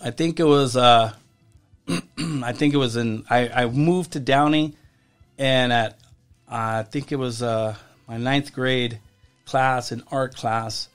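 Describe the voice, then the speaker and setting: A man as a podcast guest, telling stories from his past in a casual, halting way, often restarting his sentences. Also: medium pitch, steady tone, clear, resonant tone, soft background music. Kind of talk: casual storytelling.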